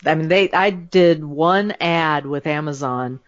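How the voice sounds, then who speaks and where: A woman's voice: deep voice, a little slow, no room sound, muffled recording. A woman author chatting casually in a podcast interview, laughing often. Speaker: author guest.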